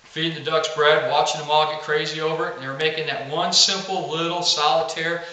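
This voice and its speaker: A man's voice: on the high side, fairly even intonation, fairly quick, sharp tone, heavy reverb, far from the mic, rough recording. A man teaching the basics of duck calling in a plain, practical instructional video. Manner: plain, practical teaching, saying quack aloud to demonstrate.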